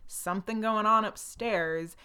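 Young woman, podcast host, middle-pitched smooth voice, casual filler-heavy commentary. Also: a little slow. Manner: chatty, frequent "like" fillers, animated quoting of people.

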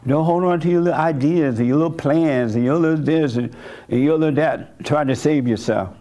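A man's voice: a little high, brisk, dark tone, highs cut off. An older man preaching a sermon as pastor, telling stories and acting out the voices of people he quotes.

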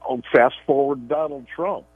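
With a medium-pitched voice at normal speed, a man co-hosting a political radio show, who is also a columnist, speaks emphatically and often repeats words at the start of his sentences. The recording is a tinny phone line, dry and without echo.

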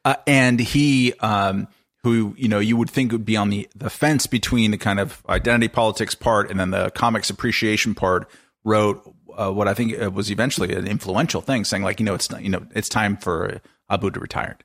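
A man co-hosting a podcast, talking in a measured, hesitant way. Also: fairly low pitch, steady tone, a bit bright, no echo, studio quality. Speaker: podcast co-host. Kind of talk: casual chat.

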